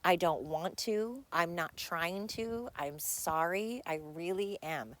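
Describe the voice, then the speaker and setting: An American woman hosts her own podcast, rambling through a blunt, candid solo monologue. She speaks slowly in a fairly low voice.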